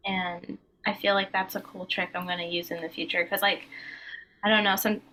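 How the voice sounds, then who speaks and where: Hesitant woman singing student, mid-pitched, with faint background noise. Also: little pitch movement, moderate pace, bright, forceful tone, rough recording. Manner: rambling, hesitant, many fillers. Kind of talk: asking questions in a lesson.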